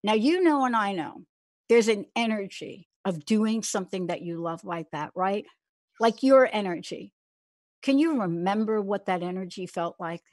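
A woman from the Bronx hosts an interview at a middle pitch, in a dry and close sound. She affirms her guest with enthusiasm and shares her own story in turn. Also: lively intonation, moderate pace, a little mellow, dry recording. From the Bronx, New York. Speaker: interview host. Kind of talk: conversational interview.

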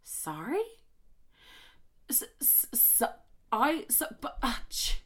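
A young Irish woman hosting a podcast, telling a story in a rambling, animated way full of swearing and asides, close on the mic. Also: lowish voice, normal speed. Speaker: podcast host. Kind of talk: casual storytelling chat. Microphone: close studio mic with popping.

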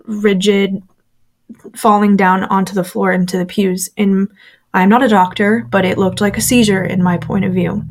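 A woman in a relaxed interview, talking candidly and chattily about her past. Her voice sits at an ordinary middle pitch, neither high nor low. She tells the story with plenty of fillers and restarts and slips into the voices of the people she quotes. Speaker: former church member telling her story.

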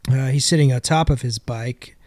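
A laid-back man talks through a movie scene by scene on a casual podcast, dropping jokey asides as he goes. His voice sits at an ordinary middle pitch. The sound is dry and close, with no room around it. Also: normal speed, darkish tone, no echo. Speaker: podcast host.

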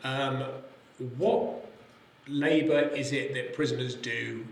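A man's voice: medium pitch, fairly even intonation, slow, gravelly. A man hosts a casual podcast in a mid-range voice. He is jokey and cuts in, stumbling over restarts. The room around him is echoey. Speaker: podcast host.

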